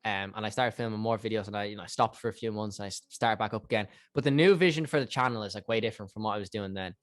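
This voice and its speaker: A man's voice: fairly low pitch, rapid-fire, no echo. A young man in his twenties with an Irish accent, a podcast guest telling rambling stories and acting out what people said. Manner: animated, rambling, acts out quotes. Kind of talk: casual storytelling chat.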